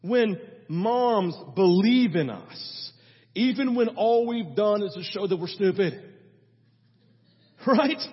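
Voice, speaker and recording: Guy pastor preaching, high kinda husky voice, chatty and animated, long echo tail like a big church. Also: slow pace, long pauses. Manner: conversational, animated, tags lines with "right?". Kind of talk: sermon. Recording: dull sermon recording in a reverberant hall.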